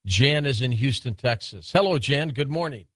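A man's voice: medium pitch, animated, normal speed, no echo. A man hosting a radio call-in show, asking short prompting questions. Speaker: radio talk show host. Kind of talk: late-night radio call-in talk.

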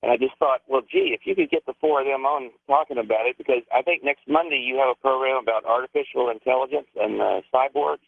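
Male caller from Texas, gravelly voice, thin phone line. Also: medium pitch, fast talker, hardly any pauses, dry recording. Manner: polite, hesitant suggestion. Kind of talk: phone-in chat. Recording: tinny dry phone line.

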